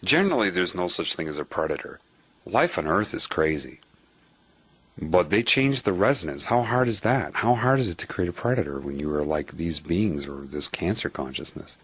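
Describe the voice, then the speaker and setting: A man giving a spiritual monologue, telling a personal story in an animated way and repeating phrases for emphasis. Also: rumbling low, husky, no room sound. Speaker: spiritual speaker. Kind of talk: lecture-style monologue.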